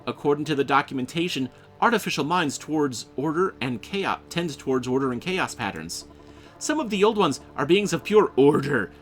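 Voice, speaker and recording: Peppy friendly AI buddy program, higher and brighter than the player's own voice, a man voicing it. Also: animated, moderate pace, faint music behind. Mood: informative. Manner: chirpy, overly friendly, calls the player friend. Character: cheerful male AI assistant program, eager, polite.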